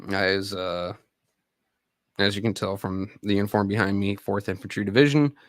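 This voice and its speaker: A man's voice: lowish voice, no echo, clean studio sound. A man in his thirties, an army veteran hosting a live stream, rambling and profane as he chats straight to viewers. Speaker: livestream host and army veteran. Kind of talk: casual live-stream chat.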